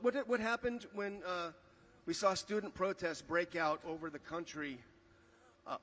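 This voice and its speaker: A man's voice: on the high side, a bit bright. A middle-aged man giving an outdoor rally speech on a stage microphone, emphatic, repeating key figures, with frequent fillers. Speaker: rally speaker. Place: outdoor rally on a memorial ground.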